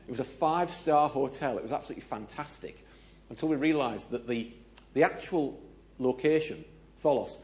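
British man, animated storyteller, addresses audience, mid-pitched voice, slightly dull recording. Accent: British English. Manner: animated, asks audience questions, acts out dialogue. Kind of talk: storytelling sermon.

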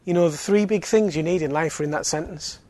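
A man's voice: fairly high pitch, fast, a little mellow, no room sound. A man giving an evangelistic talk in a chatty style, full of fillers and joking asides. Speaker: Alpha course speaker.

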